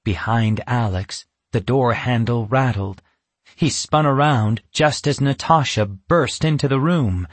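A man narrating a children's storybook in a steady, even reading voice. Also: medium pitch, a little slow, dry recording.

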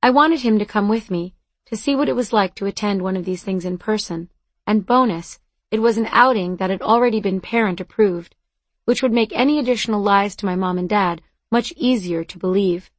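A woman's voice: medium pitch, fairly quick. A woman narrates a first-person story in an earnest, conversational way. The recording is dry and close, with no room echo at all. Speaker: audiobook narrator.

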